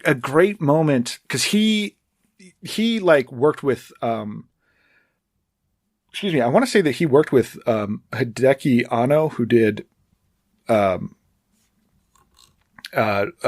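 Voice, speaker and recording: A man co-hosting a podcast, talking in a relaxed, hesitant way with many fillers that trail off quietly. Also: medium pitch, no echo, studio quality. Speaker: podcast co-host. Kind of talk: casual chat.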